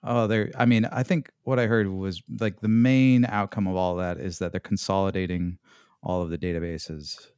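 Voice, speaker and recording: A man co-hosting a podcast in casual chat, halting and searching for words, with dry jokes. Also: deep voice, steady tone, darkish tone, clear, resonant tone, dry recording. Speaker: podcast co-host.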